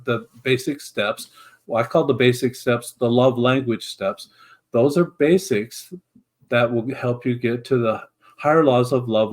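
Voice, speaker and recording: A middle-aged man speaks as an interview guest, in an earnest, reflective way. He restarts his phrases often. His voice sits at an ordinary mid pitch. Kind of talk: conversational storytelling.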